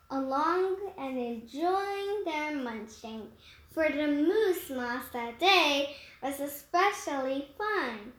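A woman reading a rhyming picture book aloud, slowly and carefully, with small stumbles. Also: high-pitched. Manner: slow, careful read-aloud pace with occasional stumbles. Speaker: storyteller. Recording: echoey room.

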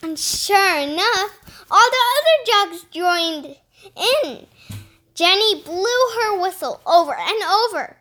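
A woman reading a children's story aloud in an expressive, lively way. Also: extremely high pitch, slow. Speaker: storybook reader.

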